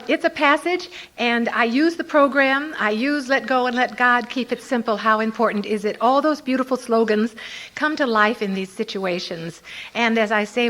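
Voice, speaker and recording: An older woman giving a personal testimony to a recovery meeting, telling her story in an animated way and acting out her own inner voice. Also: a little high. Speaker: Al-Anon speaker.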